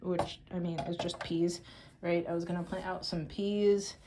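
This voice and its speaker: A worn-out woman in a casual home vlog, her voice sitting a little low as she rambles gently with plenty of ums. A faint background hiss sits under the recording. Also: flat delivery, unhurried. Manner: soft, meandering, many fillers. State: tired, out of breath. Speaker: vlogger. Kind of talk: casual plant-care vlog. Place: home among houseplants, indoors.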